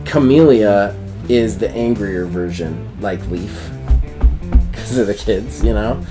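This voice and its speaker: A man's voice: on the low side, slow pace, over music. A man running a tabletop game for his child, narrating in a playful, encouraging way. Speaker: game master, dad.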